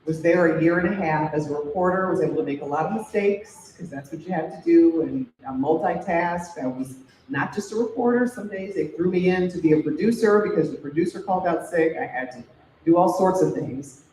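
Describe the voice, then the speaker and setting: A woman's voice: fairly low pitch, lively intonation, fairly quick, mellow, a little hiss or hum. Middle-aged news anchor woman, thoughtful and chatty, recorded distant in a reverberant hall. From Chicago. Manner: conversational, thoughtful with many fillers. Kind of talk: fireside chat answering questions. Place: large hall event. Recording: roomy hall audio from afar.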